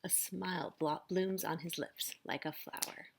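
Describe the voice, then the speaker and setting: A woman's voice: on the low side, steady tone, unhurried, creaky, noisy background. A woman teacher reading a picture book aloud, narrating expressively. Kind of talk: storybook read-aloud.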